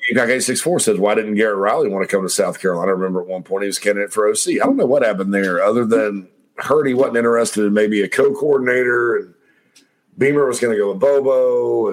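A man hosting a casual sports talk show, reading viewer comments aloud and rambling with laughs and quick impressions of coaches. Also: fairly low pitch.

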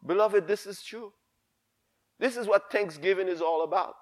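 A man's voice: high-pitched, moderate pace. A male pastor preaching a sermon, impassioned and emphatic, repeating phrases for force.

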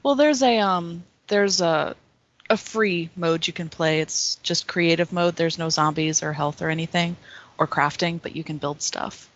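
A woman's voice: lowish voice, unhurried, dull audio. A woman guest on a gaming podcast, upbeat and giggly in casual chat.

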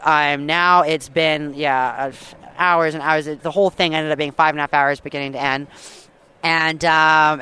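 A woman guest telling a long story with lively excitement, full of fillers and quick restarts. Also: low voice, clean tone. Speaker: guest hunter. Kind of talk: animated storytelling.

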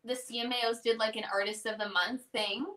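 A young woman in her twenties from Canada, a singer guest on a podcast, telling lively stories and quoting herself and her partner. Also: fairly high pitch, fairly quick. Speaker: guest, country music singer. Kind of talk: casual interview chat.

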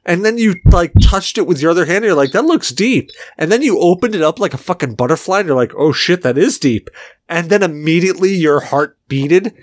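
A man's voice: high voice, fast talker, hardly any pauses, no room sound. A man co-hosting a podcast, telling a story with lots of swearing and laughter, sounding drunk. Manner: profane, laughing, animated storyteller. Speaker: podcast co-host. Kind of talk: casual chat, storytelling.

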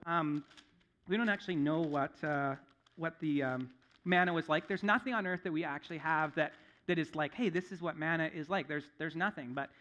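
A man's voice: high-pitched, fairly bright tone. A man giving a guest sermon in a church, casual and chatty, often laughing and breaking off mid-thought. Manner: casual, chuckling, self-interrupting delivery. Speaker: guest preacher. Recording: dull lo-fi sound.

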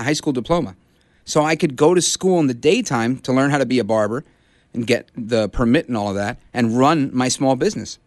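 A man's voice: a little high, no room sound, clean studio sound. A man hosting a talk radio show, delivering an emphatic, preachy rallying monologue. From Brooklyn, USA.

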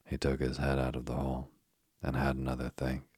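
Man, sleep story narrator, extremely deep, flat delivery, husky. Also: dry recording, clean studio sound. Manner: soft, soothing and unhurried. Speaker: bedtime story reader.

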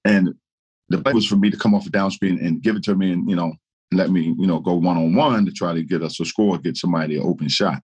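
Animated older man telling stories. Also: low-pitched, fast talker, breathy edge. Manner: animated storyteller, laughing through anecdotes. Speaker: guest, retired basketball player. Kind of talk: casual storytelling chat.

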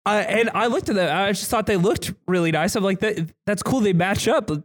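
A podcast host with a high voice rambles through a story at his own expense. His talk is loose and casual, with lots of restarts. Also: fairly quick. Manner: self-deprecating, rambling anecdote. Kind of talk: casual chat.

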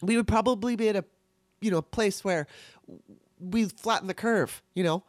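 A woman hosting her podcast alone, upset and tearful, talking candidly with frequent swearing and halting restarts. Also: medium pitch, no room sound, clean studio sound. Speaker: podcast host. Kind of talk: emotional solo podcast monologue.

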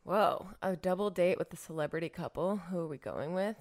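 A woman co-hosting a podcast in casual chat, wry and quick to laugh, often trailing off mid-sentence. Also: lowish voice. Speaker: podcast co-host.

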